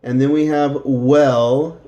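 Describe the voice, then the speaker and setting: A middle-aged man teaching English slowly to Spanish speakers, repeating each word and adding Spanish glosses. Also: mid-range voice, steady tone, warm tone, highs cut off.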